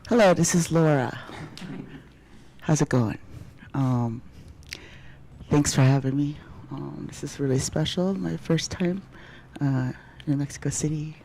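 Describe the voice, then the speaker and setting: A woman violinist speaking as a panel guest, hesitant with many pauses, soft-spoken and grateful, with a gravelly voice. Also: low-pitched, slight background noise. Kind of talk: casual panel talk.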